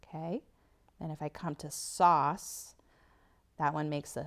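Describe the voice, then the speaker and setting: Slow, gravelly woman teaching phonics. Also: low voice, fairly even intonation, fairly bright tone. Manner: slow, patient, sounds words out. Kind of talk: phonics lesson over slides. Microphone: tablet whiteboard recording.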